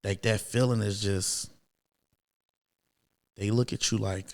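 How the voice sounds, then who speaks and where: A man in his thirties tells a personal story as a podcast guest. His voice is low and gravelly, with lots of fillers and an animated, chatty delivery. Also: slow pace. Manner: animated, acts out quoted voices, many fillers.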